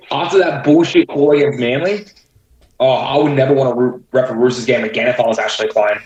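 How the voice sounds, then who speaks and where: A man's voice: mid-range voice, a little mellow. Blunt Australian man in an echoey room. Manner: blunt, opinionated, swears. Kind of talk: casual sports chat.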